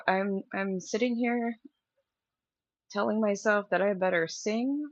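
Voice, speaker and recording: A young woman talks straight to her viewers in a chatty, candid way, like on a casual live stream from home. Her voice sits at an ordinary middle pitch. The sound is dry and dull, with a lo-fi edge. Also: slow pace, no room sound.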